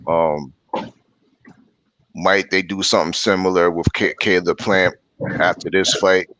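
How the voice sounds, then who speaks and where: A man on a boxing talk panel, measured and hesitant. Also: sits low, steady tone, bright, forceful tone, no echo. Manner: measured, hesitant, many fillers.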